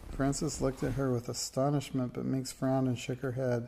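A man reading a children's storybook aloud in a steady, expressive way. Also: medium pitch, normal speed, gravelly, slight background noise. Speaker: narrator.

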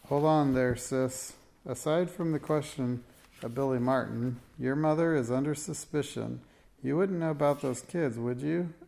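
A man voicing a pudgy, bullying male constable in a storybook reading, talking in a gruff, threatening way. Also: medium pitch, unhurried, a little mellow.

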